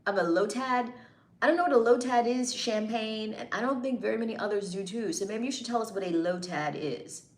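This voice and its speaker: A woman's voice: fairly high pitch, brisk, few pauses, a little mellow, roomy sound. A woman hosting a casual livestream, reading chat comments and teasing her viewers playfully.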